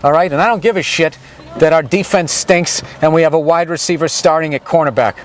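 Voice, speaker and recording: A man with a somewhat raised pitch tours a main street outdoors, tossing out profane, sarcastic jokes. His talk rambles and rants with comic edge, and faint street and traffic noise sits under his voice. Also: brisk. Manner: sarcastic, crude, ranting. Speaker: vlogger giving a street tour.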